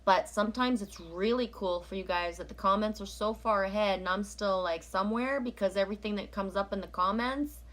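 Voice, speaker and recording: A woman's voice: medium pitch, brisk, hardly any pauses, a bit bright. A woman from Canada chatting casually on a live stream, rambling as she reads out viewer comments and oracle cards.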